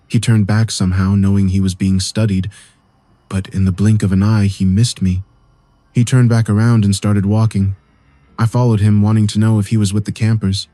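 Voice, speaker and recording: A man narrating a first-person horror story in a calm, steady telling. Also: lowish voice, dry recording.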